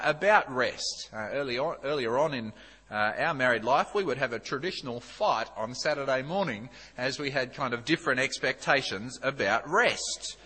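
A man gives a sermon to a church congregation in a bright, clear voice. He speaks conversationally, with plenty of fillers and humble asides. The sound carries a long church echo. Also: fairly high pitch. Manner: self-deprecating, conversational, many fillers. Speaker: visiting preacher. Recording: echoey church hall.

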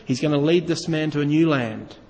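Male preacher, fairly high voice, long hall echo, questioning and emphatic. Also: fairly quick, darkish tone. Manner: asks the congregation questions, stresses key words. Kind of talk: sermon.

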